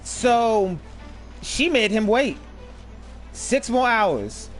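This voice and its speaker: A man streaming a video game, telling stories casually in an animated, profane way. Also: extremely high pitch, very slow, faint music behind. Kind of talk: casual chat while gaming.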